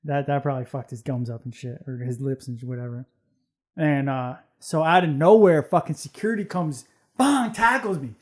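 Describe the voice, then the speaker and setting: A man's voice: medium pitch, moderate pace. Guy telling wild fight stories on a podcast, cursing a lot, slang heavy, medium voice. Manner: animated, profane, slangy. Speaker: podcast guest. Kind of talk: casual storytelling.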